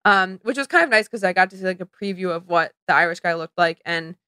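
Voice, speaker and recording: A young woman co-hosting a casual chat podcast, telling an animated story full of "like" and quoted dialogue. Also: on the low side, clean tone, no echo, clean studio sound. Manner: animated, fast storytelling with lots of "like". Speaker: podcast co-host.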